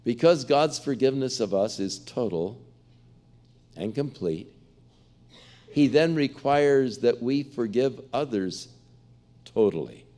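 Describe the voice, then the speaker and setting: A man's voice: medium pitch, animated, slow, long pauses, dark tone. Man preaching a sermon. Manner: earnest preaching, acts out parable voices. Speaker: pastor. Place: large church.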